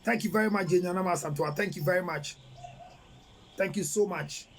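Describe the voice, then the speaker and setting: A Ghanaian man counseling on relationships in a live talk, animated and preachy, switching between English and Twi and reading out viewer comments. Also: high-pitched, fairly quick, a little hiss or hum, low-quality recording. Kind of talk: live-streamed advice talk.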